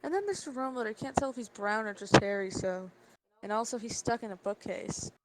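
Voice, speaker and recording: A woman's voice: on the high side, fairly quick, natural voice, rough recording. A young woman reading the lines of a rambling, friendly male pony in a silly fanfic. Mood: chatty. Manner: rambling, self-correcting.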